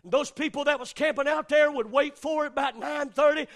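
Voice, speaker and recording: High-pitched shouting Southern preacher. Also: male voice, fairly even intonation. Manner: shouting, chanted preaching with long drawn-out cries. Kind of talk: sermon.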